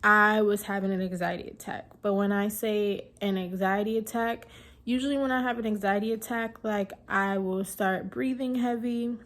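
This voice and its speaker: A young woman telling a personal story in a vlog, emotional and teary, with frequent fillers and pauses. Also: mid-range voice, fairly even intonation, a bit bright. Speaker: vlogger.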